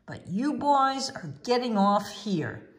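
A woman voicing a snarling male rat robber in a storybook reading, gruff and menacing. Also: on the high side, very animated, slow.

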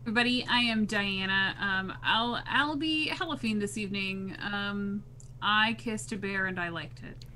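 A woman's voice: medium pitch, moderate pace, pushed and bright, slight background noise. A woman playing in an online tabletop game, chatting casually with dry, teasing humor over a video call. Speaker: player. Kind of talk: casual chat.

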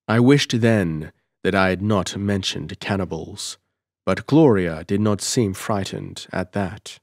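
A man narrating a first-person adventure story in a measured, deliberate way as an audiobook reader, on a close mic. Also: sits low, dry recording.

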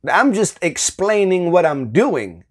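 Man with a slightly high voice, casual devotional teacher who acts out little scenes. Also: slow pace, husky. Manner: animated, acts out everyday dialogue with light laughter. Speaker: Bible teacher.

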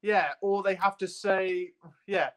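A man's voice: sits high, steady tone, takes it slowly, a bit bright. A man co-hosting a casual podcast chat, exasperated, firing rhetorical questions and laughing often. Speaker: podcast co-host.

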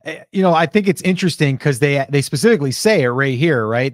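A man's voice: fairly high pitch, animated, fast talker, hardly any pauses, no room sound, clean studio sound. A man co-hosting a casual discussion, thinking aloud with hesitations and restarts. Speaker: podcast co-host.

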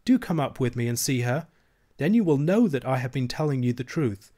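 A man's voice: mid-range voice, animated, a little fast, dark tone, natural voice. A man reading aloud and voicing a young princess girl who is earnest and insistent, speaking with a raised, eager voice. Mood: pleading.

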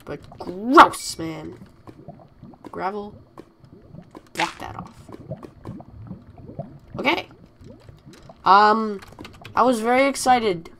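Woman, let's play commentary, unhurried delivery, mid-range voice, chatty, talks back at the game. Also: medium pitch, gravelly, noisy background. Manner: chatty, scolds the game and mobs, excitable outbursts. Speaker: gamer.

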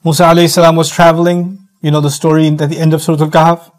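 Man, middle-aged, sermon lecture, high-pitched, animated delivery. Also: fast, poor audio. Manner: animated, acts out quoted voices, quotes Arabic text. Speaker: Islamic speaker.

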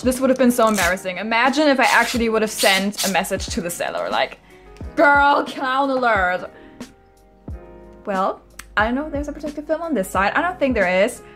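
A young woman vlogging a casual unboxing at home, excitable and chatty, quick to laugh and to squeal in frustration. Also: on the high side. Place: at home, washing machine running.

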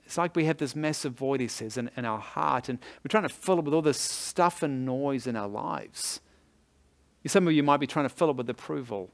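A man's voice: medium pitch, normal speed, vocal fry. A male pastor giving a conversational sermon, laughing easily and leaning on sports analogies.

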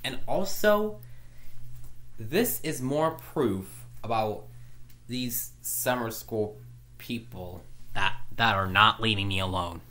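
A woman's voice: very deep voice, expressive, slow pace, a bit bright. A woman ranting in a frustrated, repetitive way, stumbling and restarting her sentences. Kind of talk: angry vlog rant. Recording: echoey room.

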